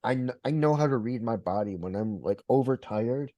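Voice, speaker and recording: A man's voice: mid-range voice, lively intonation, normal speed, warm tone, no room sound, highs cut off. A man hosting a podcast interview, talking casually and retelling a personal story with quoted voices. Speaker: podcast host.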